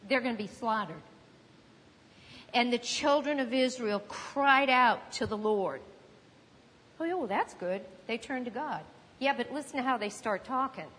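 A woman with a high, husky voice preaches a sermon in a relaxed teaching tone, with some acted-out panicked voices. Her words ring with a long hall reverb. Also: a little slow, pauses often. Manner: conversational teaching, acts out panicked crowd voices.

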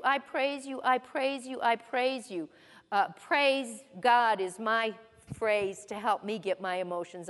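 A woman giving a folksy, conversational Bible teaching in a church hall, mixing scripture readings with personal stories. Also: a little high. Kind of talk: sermon-style Bible teaching.

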